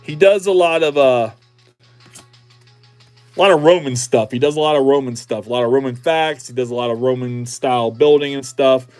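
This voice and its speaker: A man's voice: medium pitch, moderate pace, a little mellow, soft background music. A middle-aged man chatting casually on a livestream as he opens card packs, repeating himself and cheering on each card. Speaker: streamer opening card packs.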